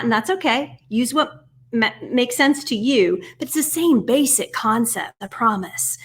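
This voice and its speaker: An American woman in her forties teaching a puppetry workshop, energetic and encouraging, counting steps aloud and often dropping to a whisper. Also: a little high. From United States. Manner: energetic and encouraging, keeps asking "right?". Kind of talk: online workshop instruction.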